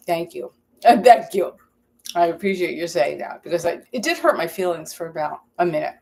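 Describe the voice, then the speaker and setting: A woman's voice: fairly low pitch, lively intonation, moderate pace, vocal fry, darkish tone, a little hiss or hum. A woman hosting a live cooking stream from her home kitchen, chatting casually, rambling and reading viewer comments aloud. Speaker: cooking channel host.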